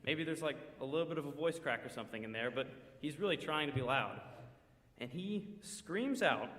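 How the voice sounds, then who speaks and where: A man's voice: fairly high pitch, animated, moderate pace, fairly bright tone. A man speaking in church, retelling a story vividly in the second person with quoted asides, recorded in a church sanctuary. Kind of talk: sermon storytelling. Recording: echoey church hall with long reverb.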